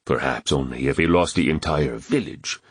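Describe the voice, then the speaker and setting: A man voicing a proud, menacing older village chief who speaks in a commanding, measured way. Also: very deep voice, breathy edge, dry recording, studio quality, pitched below the performer's own voice.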